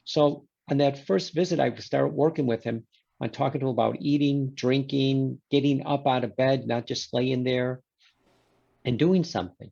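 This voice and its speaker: Man, gravelly and husky voice, animated storyteller, dull lo-fi audio. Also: medium pitch, moderate pace. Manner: animated storyteller who voices quoted exchanges. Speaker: guest. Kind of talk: storytelling in a conversation.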